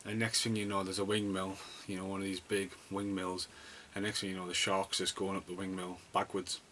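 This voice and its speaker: Low-voiced sweary man reviewing films. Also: flat delivery, fairly quick, bright, forceful tone, slight background noise. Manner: sweary, rambling, sarcastic. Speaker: movie reviewer. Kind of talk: casual comedic film review.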